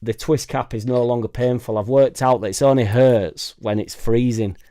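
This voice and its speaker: A man's voice: medium pitch, fairly even intonation, moderate pace, warm tone. A man hosting a casual live stream from a home studio, chatting in a rambling, jokey way and reading out viewer comments. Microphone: suspended studio microphone.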